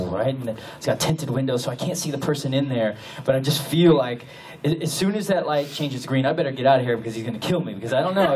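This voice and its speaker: A man from the American South telling a comic story to a convention audience, laughing often and acting out his own panic. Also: a little high. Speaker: convention panel guest. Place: large hotel convention room with live audience. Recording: distant audience recording, loud crowd and noise.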